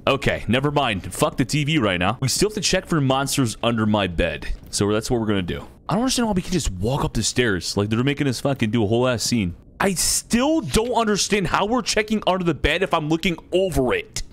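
Lively, swearing young man playing a game. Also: mid-range voice, fairly quick, few pauses. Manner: excitable, swears freely, laughs often, reads game text aloud. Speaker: gaming streamer. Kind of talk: casual game commentary.

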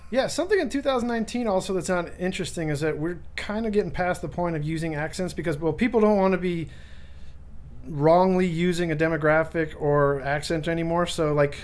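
A man on a casual movie podcast, talkative and explaining his views. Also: on the high side. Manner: quick, talkative, explaining opinions. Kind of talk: casual movie commentary chat.

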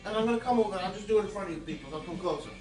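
A man's voice: high voice, very fast, recorded from a distance. A man hosting a casual home cooking video, rambling and cracking crude jokes at the viewers. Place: home kitchen. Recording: echoey room, from the camera, faint music. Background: music playing in the home.

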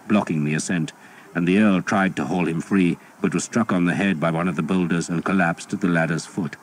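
A man reading a historical novel as an audiobook, in a steady, measured storytelling voice. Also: low voice, slight background noise. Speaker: audiobook narrator. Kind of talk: scripted audiobook narration.

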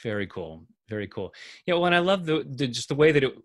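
A man's voice: mid-range voice, sing-song, fast. A man hosting a casual interview, friendly and hesitant, with frequent fillers and restarts. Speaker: host.

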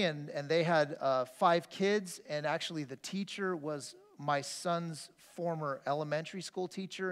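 A man preaching a conversational sermon as pastor, telling personal stories in an earnest way with frequent restarts. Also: high voice. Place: church sanctuary. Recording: long reverb of a church hall.

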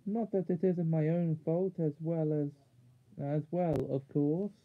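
A man's voice: on the high side, fairly even intonation, unhurried, pitched above the performer's own voice. A man voicing a gloomy male marsh creature who grumbles mournfully, in a storybook reading. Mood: groaning. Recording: narrow phone-like sound.

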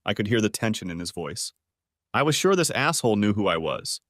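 A man's voice: fairly low pitch, brisk, dry recording, studio quality. A man narrating a first-person story audiobook, reading expressively. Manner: expressive, voicing quoted lines.

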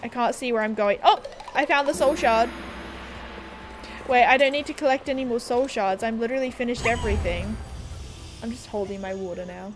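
A woman's voice: a little high, brisk, pauses often, music in the background. Chatty young Australian woman streaming a game. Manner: chatty, rambling, giggly, reads viewer comments aloud. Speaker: livestreamer. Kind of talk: casual livestream chat while gaming.

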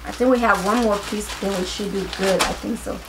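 A tired woman vlogger chatting casually to her viewers during a clothing haul, excitable, with her voice starting to crack. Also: medium pitch, brisk, heavy background noise. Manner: excitable, talks straight to viewers.

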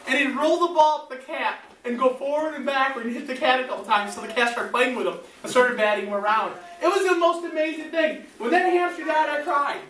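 A woman telling a story to children in church, animated and asking them questions. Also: high-pitched, a little fast, hardly any pauses, slight background noise. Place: large church hall. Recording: echoey hall, recorded from far off.

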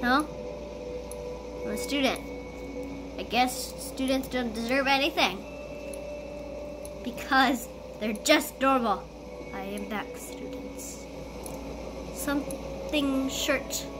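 A woman playing a school role-play game, talking excitedly through it and bursting into shrieks and giggles. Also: high-pitched, background noise. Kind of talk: playful gameplay commentary.

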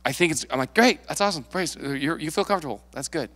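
A male pastor preaching a sermon, lively and playful, acting out the people in the story. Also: fairly high pitch, quick pace. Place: church sanctuary. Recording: long hall reverb.

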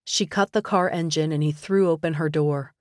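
A woman narrating a romance audiobook with measured, even pacing. Her voice sits low, and the recording is dry and close. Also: dry recording. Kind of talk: scripted narration.

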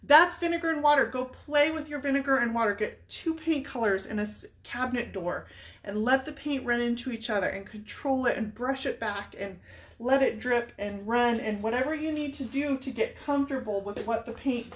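A woman's voice: fairly high pitch, normal speed. Chatty woman painting furniture on camera. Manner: chatty, thinks aloud while working. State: tearful at times. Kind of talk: casual live painting demo.

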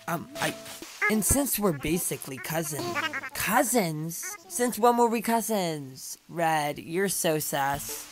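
A woman's voice: lowish voice, lively intonation, music in the background. Chatty, dramatic young woman gamer. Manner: chatty, dramatic, playful, quick asides. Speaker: gaming channel host. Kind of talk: casual gameplay commentary.

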